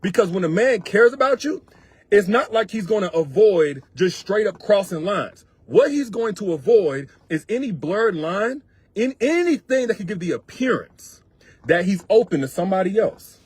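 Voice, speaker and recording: A male relationship coach talks straight to his audience in a high, husky voice, hammering points home with repetition and loose, colloquial phrasing. The sound is close and dry, with no room around it. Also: very animated, normal speed, no room sound. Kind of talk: direct advice monologue to viewers.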